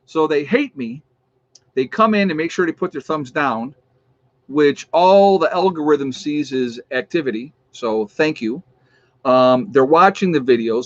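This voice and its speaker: A man's voice: medium pitch, no echo, lo-fi sound. A man from New York State hosting his own channel's livestream, chatting casually and with amusement as he reads out viewers' locations and teases trolls. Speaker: YouTube channel host.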